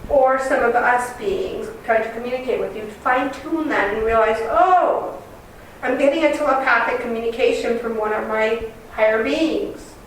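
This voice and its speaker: A kind, loving male cosmic being, as a woman channels him, who speaks in a calm, earnest, teaching manner. The voice sits a little high and is heard from a distance in a very echoey room with steady background noise. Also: moderate pace, natural voice. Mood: instructive. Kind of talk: channeling session.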